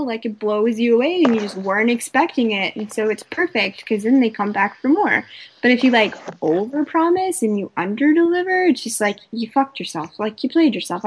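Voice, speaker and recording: A woman's voice: a little high, lively intonation, moderate pace, slight background noise, low-quality recording. A woman co-hosting a casual chat over a call, telling blunt, profane stories. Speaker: co-host.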